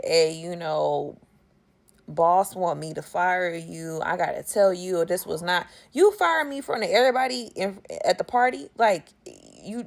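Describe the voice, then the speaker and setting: A woman, casually recapping a movie in a sassy, animated way. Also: on the high side. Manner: sassy, animated storytelling with slang.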